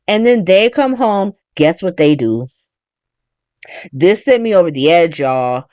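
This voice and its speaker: A woman's voice: on the low side, animated, unhurried, darkish tone, dry recording, studio quality. Profane, exasperated woman ranting. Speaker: recap podcast host. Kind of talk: casual soap opera recap.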